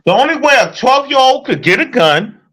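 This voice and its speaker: A high, husky man ranting in casual commentary. His pitch leaps all over as he fires off profane, incredulous remarks. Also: very animated, fairly quick, pushed and bright. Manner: heated, incredulous, swears a lot.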